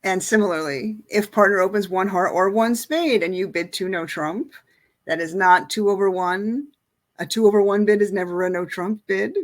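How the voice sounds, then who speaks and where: A woman's voice: medium pitch, moderate pace. A middle-aged woman teaching an online lesson, explaining in a casual way with many fillers. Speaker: bridge teacher.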